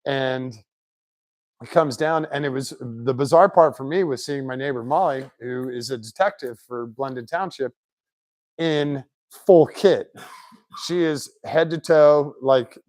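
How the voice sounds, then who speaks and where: Man, mid pitch, casual garage storyteller, animated, close dry sound. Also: measured pace, no echo. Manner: chatty, animated anecdotes with put-on quotes. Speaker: shop owner, car builder. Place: home garage shop.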